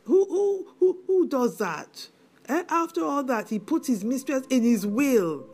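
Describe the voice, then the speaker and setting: A woman's voice: high voice, expressive, moderate pace, darkish tone. A middle-aged woman with a Nigerian accent playing a bitter, wounded widow in a film drama, given to indignant "eh?"s. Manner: indignant, tearful, repeats "eh?". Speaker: widowed mother.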